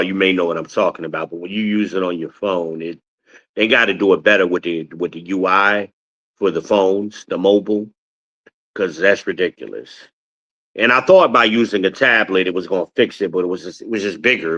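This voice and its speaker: A man's voice: low voice, bright, forceful tone, lo-fi sound. A man hosting a casual livestream podcast, rambling and swearing, often raising his voice into an authoritative tone. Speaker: podcast host. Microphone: phone.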